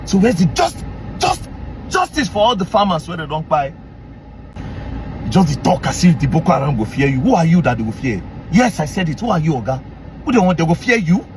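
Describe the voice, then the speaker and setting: A man with a Nigerian accent rants as a commentary host in a high, swooping voice. He is indignant and repetitive, and he bursts into shouting. Faint noise sits underneath. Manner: animated, indignant, repeats phrases, bursts into shouting. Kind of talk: heated commentary rant.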